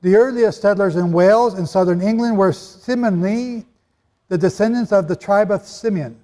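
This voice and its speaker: Male preacher, high pitch, animated conversational sermon, long hall reverb. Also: normal speed. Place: hall with a live audience.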